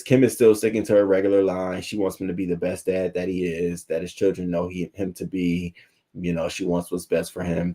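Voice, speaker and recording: A man hosting a celebrity gossip live stream, chatting in a casual, animated way and greeting viewers in the chat. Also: sits low, husky. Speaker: celebrity gossip show host.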